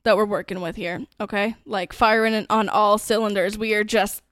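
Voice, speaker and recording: A woman's voice: medium pitch, steady tone, normal speed, a bit bright, no echo, studio quality. Chatty woman retelling a crime case. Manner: chatty, filler-heavy, swears casually. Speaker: podcast co-host. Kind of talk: casual true-crime storytelling.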